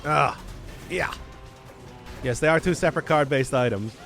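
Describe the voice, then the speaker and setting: A man's voice: fairly high pitch, creaky, a bit bright, soft background music. A man with a Midwestern accent doing live game commentary, rambling and restarting his sentences as he chats with viewers. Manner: rambling, self-interrupting, quick to laugh. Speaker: game streamer. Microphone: desk mic through a mixer.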